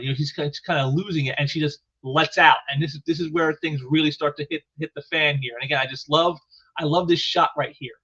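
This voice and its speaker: Male comic reviewer, higher voice, rambling delivery with many restarts, dull lo-fi sound. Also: fairly even intonation, fast talker, pushed and bright, slightly rough. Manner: rambling, heavy with "you know" fillers and restarts. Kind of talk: casual solo commentary. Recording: muffled lo-fi recording.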